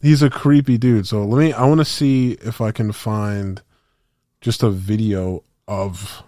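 A man's voice: fairly low pitch, steady tone, measured pace, mellow, no room sound. A man co-hosting a podcast, chatting casually in a rambling, slangy way with lots of fillers and restarts. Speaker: podcast co-host. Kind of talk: casual chat.

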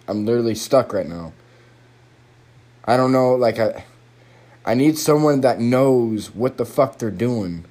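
A man's voice: mid-range voice, lively intonation, unhurried, pauses often, mellow. A young man ranting alone on a podcast, swearing constantly and rambling in frustration, recorded on a phone microphone. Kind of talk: frustrated solo podcast rant.

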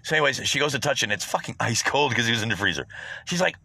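A man hosting his own low-budget podcast, ranting bluntly and profanely in a rambling, casual way. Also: lively intonation, rapid-fire, bright, forceful tone, slightly rough. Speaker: podcast host. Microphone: home podcast setup.

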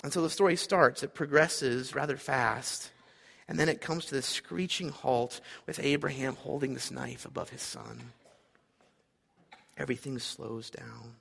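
A man's voice: mid-range voice, steady tone, measured pace, gravelly, a bit bright, husky, in a large hall. A man preaching a sermon, earnest and emphatic, repeating his key points. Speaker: pastor.

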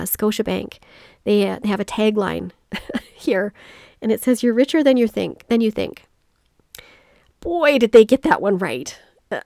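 A woman's voice: medium pitch, creaky, darkish tone, no room sound, studio quality. A woman hosting a solo motivational podcast, telling a personal story in an earnest, reflective way. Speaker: podcast host.

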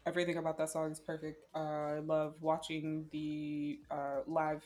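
Low-voiced gushing woman podcaster. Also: monotone, moderate pace, darkish tone. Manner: gushing fan talk, heavy use of "like". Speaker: podcast co-host. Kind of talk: casual chat.

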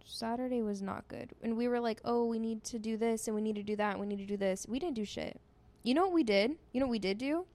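A woman's voice: fairly high pitch, quick pace, a little mellow. A young woman co-hosting a casual chat, bluntly chiming in with short remarks and cursing. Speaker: co-host.

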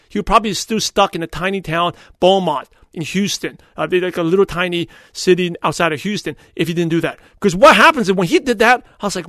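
A man hosting a podcast, telling casual stories and quoting people in quick back-and-forth. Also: high voice, a bit bright, no echo, studio quality. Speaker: podcast host. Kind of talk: casual storytelling monologue.

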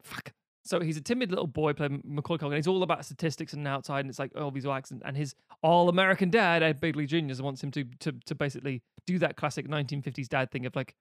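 A man's voice: on the high side, steady tone, fast talker, few pauses, dry recording, clean studio sound. Rambling, profane man in his late 30s. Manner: rambling and profane, with self-deprecating jokes. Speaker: podcast co-host. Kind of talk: casual chat.

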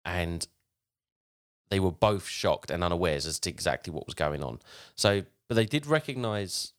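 A low-pitched man with lively intonation speaks at a normal speed while hosting a podcast. He retells a tale casually, rambling along and restarting frequently.

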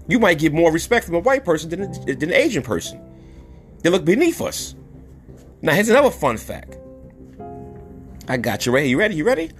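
A man's voice: a little high, sing-song, a little fast, long pauses, faint music behind. A man from New City, hosting a podcast monologue in a blunt way, repeating words for emphasis. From New York City. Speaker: podcast host. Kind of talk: opinionated monologue.

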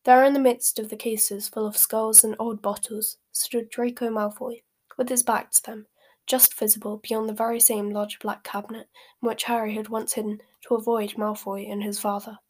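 A woman's voice: a little high, flat delivery, moderate pace, darkish tone, slightly rough. A woman reading a novel aloud who stumbles over words and corrects herself. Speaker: reader.

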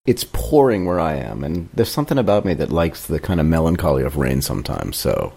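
A man co-hosting a podcast with a very deep, husky voice. He chats with his guest in a relaxed way, and his pitch moves widely as he talks. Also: brisk. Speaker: podcast co-host. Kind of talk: casual interview chat.

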